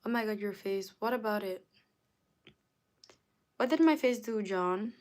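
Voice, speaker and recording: A woman's voice: mid-range voice, expressive, a little slow, darkish tone. A young woman from Africa chatting casually on a livestream, reading viewer comments aloud and answering them, with lots of "like". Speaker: livestream host.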